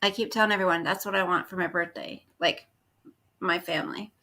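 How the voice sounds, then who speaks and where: A woman's voice: on the low side, fairly even intonation, fairly quick, bright, forceful tone. A woman in her fifties chatting casually on a livestream, reading and answering viewer comments. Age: 50s. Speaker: livestream host.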